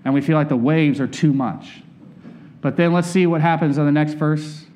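A man's voice: a little high, steady tone, normal speed, darkish tone, slight background noise. A man preaching a conversational sermon, candid and personal, often turning to ask his listeners questions.

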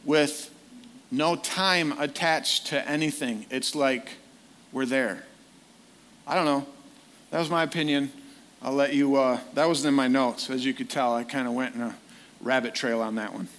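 A man's voice: medium pitch, steady tone, normal speed, a bit bright. A man preaching a sermon in a conversational way, often putting direct questions to his listeners.

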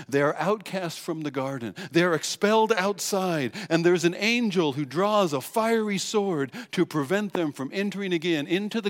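Man preaching in a reverberant hall. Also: on the high side. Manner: earnest preaching, swings between emphatic and hushed. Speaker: pastor. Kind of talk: sermon.

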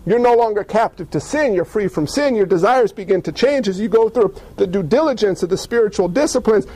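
High-voiced, animated man preaching. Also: brisk, breathy edge. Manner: animated, acts out little dialogues, casual slang. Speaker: pastor. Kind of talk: sermon.

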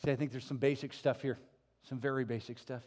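A man preaching a sermon as pastor, acting out scenes with a raised voice and dropping low and soft for emphasis. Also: fast. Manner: animated storytelling, acting out disciples with a raised voice.

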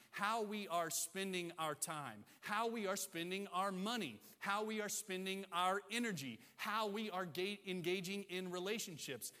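Guy preaching, kinda high voice, punches and repeats his key lines, big echo like a church hall. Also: bright, forceful tone. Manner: emphatic, repeats key phrases for emphasis. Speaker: pastor. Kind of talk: sermon. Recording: long hall reverb.

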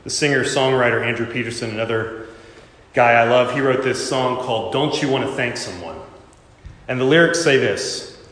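A man preaching a sermon as pastor, expressive and dramatic, acting out the voices he quotes. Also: mid-range voice, moderate pace. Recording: echoey church hall.

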